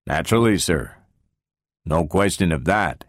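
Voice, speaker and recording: A man reading the part of a calm, obedient male robot who answers in short, deferential replies. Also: deep voice, measured pace, dry recording, clean studio sound.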